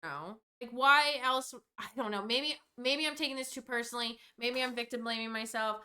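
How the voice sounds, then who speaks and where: A woman's voice: a little high, fairly even intonation, a little fast, sharp tone. A young woman vlogger telling a storytime rant, exasperated and rambling, swearing freely as she goes.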